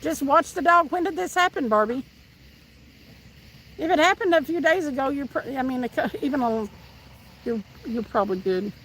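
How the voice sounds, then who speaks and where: A woman's voice: high voice, moderate pace, pauses often, fairly bright tone, slight background noise, poor audio. A woman with a Southern Tennessee accent, hosting a live stream and chatting with viewers while she fishes outdoors by the water. She talks in a chatty, laughing way and often restarts her sentences. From Tennessee, USA. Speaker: livestream host reading chat. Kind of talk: casual chat with live viewers.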